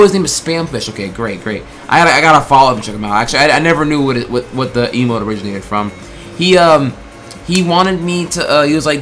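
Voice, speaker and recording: Animated, swearing man with a bright voice. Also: medium pitch, fast talker. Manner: animated, swears a lot, lots of filler words; acts out quoted exchanges in bursts. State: throat getting tired. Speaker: streamer telling a story. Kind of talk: casual storytelling.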